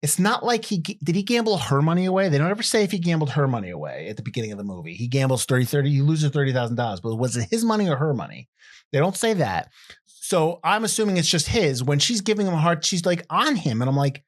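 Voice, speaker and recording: A man co-hosting a casual film review podcast, rambling and getting animated as he argues his points. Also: fairly high pitch, fairly quick, no echo, clean studio sound. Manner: rambling, animated when ranting.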